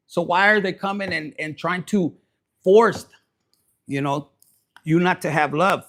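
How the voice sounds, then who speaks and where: High-voiced, blunt, profane man. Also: a bit bright. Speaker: tarot reader. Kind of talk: casual tarot reading to camera.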